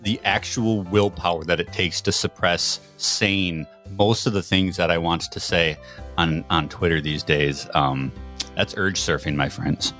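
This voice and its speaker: A man's voice: deep voice, steady tone, unhurried, fairly bright tone, soft background music. A man hosting a casual podcast, wry and rambling, with frequent fillers. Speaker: podcast host.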